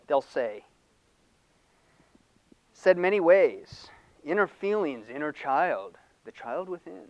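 An older man preaching a sermon in an animated, conversational way, laughing and acting out mock voices. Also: a little high, takes it slowly, pauses often, dry recording, muffled recording. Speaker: pastor.

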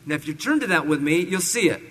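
A man from California preaching an expository sermon, reading scripture slowly with emphatic stresses. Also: a little high, lively intonation, fairly bright tone. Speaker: pastor. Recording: long reverb in a large hall.

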